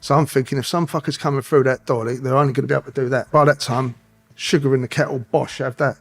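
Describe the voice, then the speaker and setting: Gravelly-voiced man, swearing storyteller. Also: medium pitch, steady tone, fast talker. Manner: swearing, rambling, streetwise anecdotes. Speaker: guest, former police officer. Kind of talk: storytelling interview.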